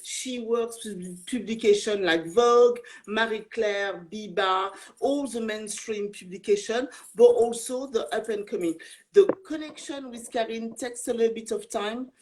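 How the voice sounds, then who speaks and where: A woman's voice: on the high side, measured pace, a little mellow, rough recording. A woman hosting a live video chat, patiently repeating herself while she waits out a weak connection. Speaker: host. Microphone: video call.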